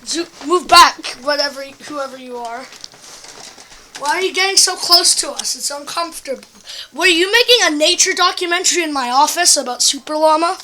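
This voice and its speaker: A man's voice: very high-pitched, moderate pace, pushed and bright, full character voice. A young man playing an indignant homeowner. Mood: annoyed. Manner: exasperated, protesting. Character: indignant young homeowner guarding his llama. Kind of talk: amateur short film acting. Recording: noisy home recording.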